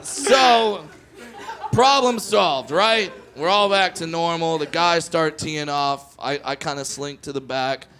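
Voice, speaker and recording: A man doing stand-up, telling a story to a live audience and bursting into loud shouted voices for the people in it. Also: a little high, takes it slowly, slight background noise. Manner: animated, jumps into loud shouted character voices. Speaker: stand-up comedian.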